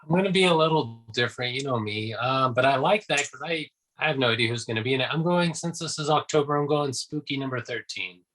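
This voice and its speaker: A man's voice: medium pitch, quick pace, hardly any pauses, a bit bright, poor audio. A man co-hosting a casual wrestling podcast, offhand in his picks. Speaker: podcast co-host. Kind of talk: casual chat. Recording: faint background noise.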